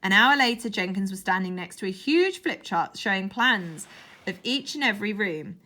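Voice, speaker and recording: A woman reading a children's story aloud in an expressive, animated way. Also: mid-range voice, normal speed. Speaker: audiobook narrator.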